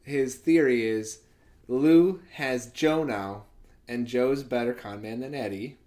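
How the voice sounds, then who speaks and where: A man's voice: medium pitch, slow, dark tone. A man co-hosting a podcast, giving wry, laughing commentary on a movie. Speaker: podcast co-host. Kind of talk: casual movie recap chat.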